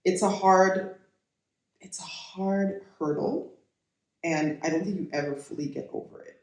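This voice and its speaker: A middle-aged woman from Kenya co-hosting a podcast in casual chat, animated, laughing often and restarting her sentences. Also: on the low side, measured pace. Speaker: podcast co-host. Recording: echoey room.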